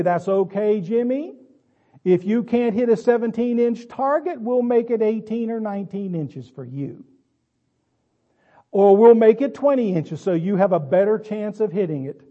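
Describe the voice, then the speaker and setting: A man doing a gruff old baseball coach. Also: high voice, mellow, highs cut off, voice pushed up, heavily acted. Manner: barking, pointed questions to a crowd.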